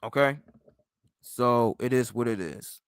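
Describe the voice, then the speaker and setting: A man's voice: mid-range voice, slow pace, smooth, dry recording, clean studio sound. A sleepy man hosting a late-night livestream, rambling and ranting with plenty of swearing. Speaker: livestream host.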